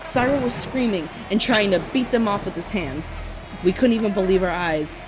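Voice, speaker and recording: A woman's voice: mid-range voice, moderate pace, noisy background. A woman co-hosting a podcast, reading a spooky campfire story aloud in a casual way and often breaking into giggles.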